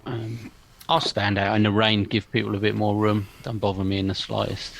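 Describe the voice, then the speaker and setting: A man playing in a tabletop game, speaking in character with a gravelly voice. He sounds hesitant and polite, pausing and filling the gaps with "um" and "uh". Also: fairly low pitch, level tone. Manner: hesitant, polite, with pauses and fillers. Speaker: player.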